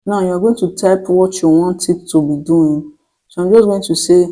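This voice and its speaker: Tutorial host talking thru steps, mellow tone, keeps restarting, slows down to spell out prompts. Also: mid-range voice, steady tone, low-quality recording. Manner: step-by-step instructions with frequent restarts, slowing to dictate prompts. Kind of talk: screen-recorded tutorial voice-over.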